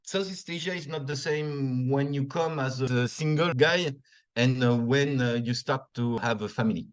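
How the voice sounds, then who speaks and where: French-accented man, hesitant, muffled audio. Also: medium pitch. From northern France. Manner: hesitant, many pauses and filler sounds. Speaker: guest. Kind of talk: conversational interview answers.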